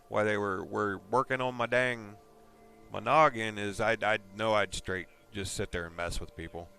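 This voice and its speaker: A man's voice: fairly low pitch, a bit bright. A man chatting casually with his live viewers, rambling and teasing. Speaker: live streamer.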